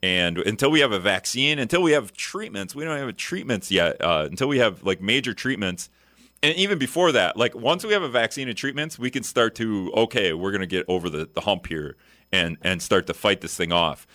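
A man's voice: on the low side, expressive, a little fast, pushed and bright, no room sound, studio quality. A man hosting a talk radio show, rambling through statistics and correcting himself as he goes. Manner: rambling, self-correcting, reading off numbers. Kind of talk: casual talk radio chat.

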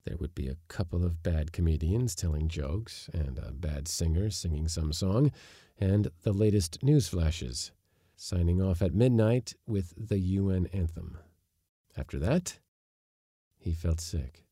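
A man reading a short story aloud, acting out the dialogue with big jumps in pitch and force. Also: lively intonation, a little slow, dark tone, husky, no echo, studio quality. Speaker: narrator.

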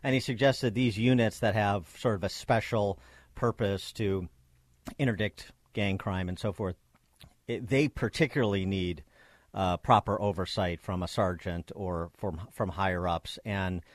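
A man hosting a radio interview, asking long, measured questions with many fillers. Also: lowish voice, dry recording, clean studio sound. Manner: measured, hesitant, many fillers between phrases. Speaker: radio host.

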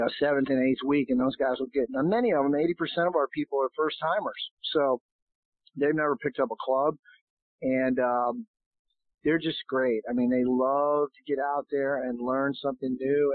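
A man, a golf professional, talking casually as a guest, hoarse and losing his voice, rambling with many restarts. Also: mid-range voice, dry recording. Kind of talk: casual phone interview. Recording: tinny phone line.

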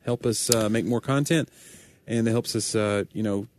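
A man's voice: on the low side, moderate pace, a little mellow, slight background noise. A man who is a comedian and podcast co-host, chatting casually with a wry, joking manner. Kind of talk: casual chat.

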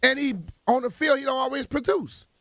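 A man's voice: very high voice, fairly even intonation, brisk, gravelly, bright, forceful tone, dry recording, studio quality. A man co-hosting a sports talk show, blunt and teasing, pushing back with questions.

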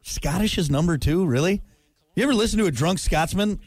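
Animated American radio host, high voice. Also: male voice, fairly quick, slightly rough, no room sound. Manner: joking, rambling, with frequent impressions. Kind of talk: casual radio banter. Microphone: studio microphone.

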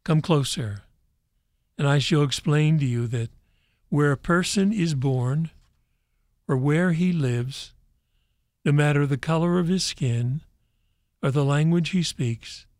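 A man reading aloud as a gentle, patient Heavenly Father explaining calmly and very slowly. The voice is dry and close. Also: fairly high pitch, dry recording. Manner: calm, explaining.

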